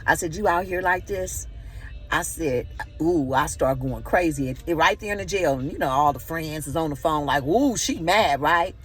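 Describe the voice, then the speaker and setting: A middle-aged woman telling a profane, animated personal story in casual storytime style, often turning to her listeners. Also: sits low, moderate pace, husky, soft background music.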